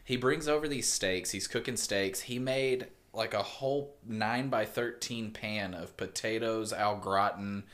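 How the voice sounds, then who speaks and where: A man with a fairly low voice, chatting casually. He tells stories at an easy pace, swears freely, and laughs a lot. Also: unhurried, hardly any pauses, fairly bright tone. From United States. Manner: laid-back storytelling, swearing, laughing often. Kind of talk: casual chat.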